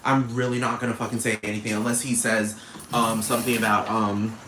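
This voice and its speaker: A male podcast host goes on a rambling, cursing solo rant, forever asking "you know what I'm talking about." His low-ish voice moves little in pitch and runs a bit fast, recorded outdoors with echo, background noise and crickets.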